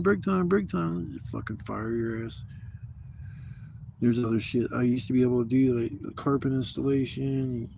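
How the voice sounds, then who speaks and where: Gravelly man in his fifties, rambling outdoors. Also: medium pitch, warm tone, a little hiss or hum. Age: 50s. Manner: rambling, profane, candid. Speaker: camping vlogger. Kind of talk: casual storytelling to camera. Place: outdoors at a campsite.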